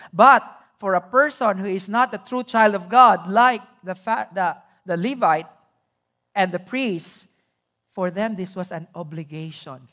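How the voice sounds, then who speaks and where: A pastor with a Cebuano Filipino accent, preaching a sermon in a church with lively rhetorical questions and bits of Cebuano. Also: male voice, high voice, unhurried.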